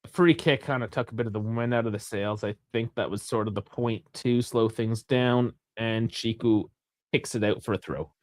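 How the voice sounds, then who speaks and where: A young man hosting a live football watch-along, chatty and rambling, swearing freely and bursting into shouts at big chances. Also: lowish voice, moderate pace, dry recording, clean studio sound. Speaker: live stream host.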